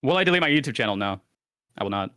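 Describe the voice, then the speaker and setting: A man argues over a voice call at a breakneck pace, rambling through his points. His voice is bright and smooth. It is recorded dry, close to the mic. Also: medium pitch, expressive, no echo. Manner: rapid, argumentative, rambling. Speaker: debater, YouTuber. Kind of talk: casual online debate.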